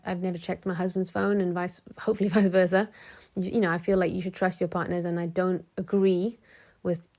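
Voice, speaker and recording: A woman's voice: fairly low pitch, darkish tone. A woman vlogging to camera in a frank, chatty way, with many restarts, who acts out the people she quotes. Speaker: motivational vlogger. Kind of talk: casual talk to camera.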